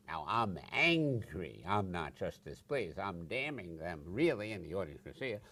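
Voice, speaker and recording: A blunt older psychotherapist speaks in an interview, his low voice rising and falling a great deal. He is emphatic and unafraid of a curse word when he wants to make a point. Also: big pitch swings, moderate pace, hardly any pauses, pushed and bright. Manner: blunt, emphatic, acts out angry outbursts with swearing. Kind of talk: interview answers.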